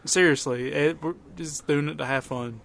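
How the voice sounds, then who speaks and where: A Southern man on a podcast, ranting bluntly and swearing freely. His voice sits a little high for a man. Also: normal speed, gravelly, a bit bright. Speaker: podcast co-host. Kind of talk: casual chat.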